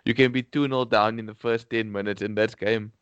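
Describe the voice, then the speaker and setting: Low, smooth-voiced man talking football. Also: fairly even intonation, a little fast, a bit bright, no echo, muffled recording. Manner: hesitant, thinking aloud with many restarts. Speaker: podcast co-host. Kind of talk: casual football chat.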